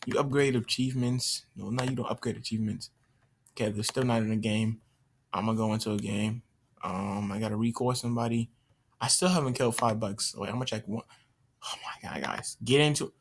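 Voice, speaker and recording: A man's voice: medium pitch, fairly bright tone. Rambling man narrating his gameplay. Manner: rambling, stop-start, mutters and swears at the game. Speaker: gameplay commentator. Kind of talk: casual gameplay commentary. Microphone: computer mic while screen recording.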